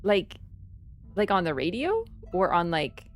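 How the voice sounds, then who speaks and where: A woman's voice: on the low side, huge pitch swings, measured pace. A woman streamer in a casual live-stream chat, rambling and swearing as she rants.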